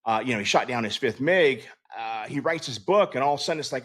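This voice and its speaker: A man's voice: mid-range voice, lively intonation, fast, few pauses, a bit bright. A middle-aged man, a Navy veteran hosting his own show, tells a story in a casual, rambling way, with lots of fillers, restarts and swearing.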